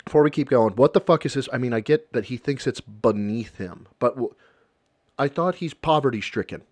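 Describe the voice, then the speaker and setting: A man's voice: medium pitch, brisk, a little mellow, no echo. Dry-sounding sarcastic male streamer. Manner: sarcastic, profane, rambling asides. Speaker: streamer reacting to a video. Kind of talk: casual reaction commentary.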